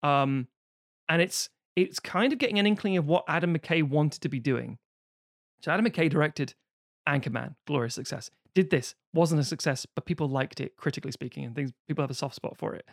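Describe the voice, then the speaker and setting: Animated, swearing man reviewing films. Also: fairly quick, gravelly, no echo, clean studio sound. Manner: swearing, animated, acts out quotes in sudden high voices. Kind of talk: casual film review chat.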